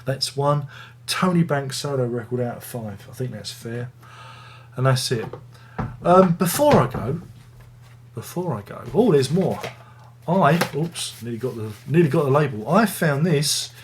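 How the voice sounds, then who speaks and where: A man's voice: mid-range voice, expressive, normal speed, slight background noise. A man hosting a casual music review video, rambling and joking at his own expense. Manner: rambling, jokey, self-mocking.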